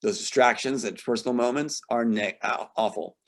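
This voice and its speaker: Speaking at normal speed in a medium-pitched voice, a man talks about his screenplay during a conversational interview. He is passionate and emotional, sometimes reading scenes aloud from the script, with his voice rising sharply when he's indignant.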